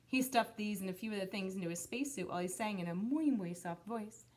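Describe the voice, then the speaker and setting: A woman teacher reading a picture book aloud to children, expressive, pausing to explain words. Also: medium pitch.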